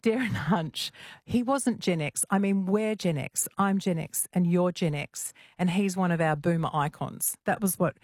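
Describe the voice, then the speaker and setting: A woman's voice: lowish voice, normal speed, a little mellow, no echo, clean studio sound. Chatty woman hosting radio. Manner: chatty, playful and self-mocking. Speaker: fill-in radio host. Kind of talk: casual radio chat.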